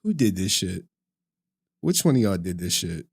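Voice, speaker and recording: A man's voice: low-pitched, moderate pace, creaky, husky. Guy ranting on his live stream, fed up and cussing, voice bounces up and down a lot. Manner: animated, exasperated ranting with frequent swearing.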